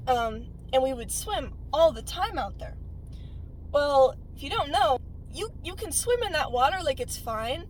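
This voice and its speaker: Chatty young woman with a high voice. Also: animated, measured pace, slight background noise, rough recording. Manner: chatty, lots of fillers and "right?" check-ins. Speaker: vlogger. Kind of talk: casual storytelling to camera.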